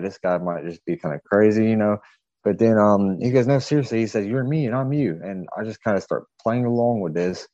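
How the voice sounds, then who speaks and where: Man, podcast guest, low and mellow, rambling anecdote, dry dull sound. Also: no room sound. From southeastern United States. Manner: rambling, hesitant, many fillers and restarts. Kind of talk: casual storytelling.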